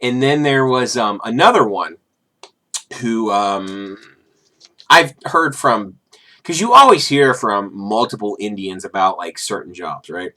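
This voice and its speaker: A man's voice: fairly low pitch, animated, measured pace, pushed and bright. A man vlogging in a casual, sarcastic and profane rant.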